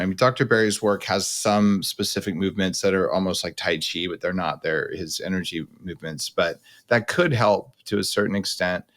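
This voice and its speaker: A man hosting a podcast, explaining things bluntly and emphatically in a casual coaching conversation. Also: on the low side.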